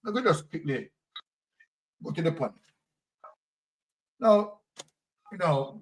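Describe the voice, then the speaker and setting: A man's voice: fairly high pitch, expressive, takes it slowly, distant mic, low-quality recording. A man with a Jamaican accent hosting heated political commentary, firing off rhetorical questions in patois. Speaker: host.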